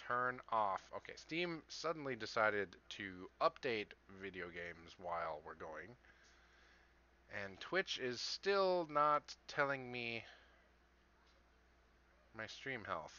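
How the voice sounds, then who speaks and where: A man's voice: on the low side, lively intonation, takes it slowly, sharp tone, lo-fi sound. A man streaming a game live, commenting casually as he plays, chatting to viewers and chuckling often. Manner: chuckles often, chats to viewers while playing.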